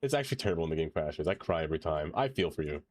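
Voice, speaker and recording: A man's voice: rumbling low, lively intonation, very fast. A man streaming a city-building game, chatting casually with viewers, singing along and joking. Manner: playful, singing along and doing silly voices. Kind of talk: casual gameplay commentary.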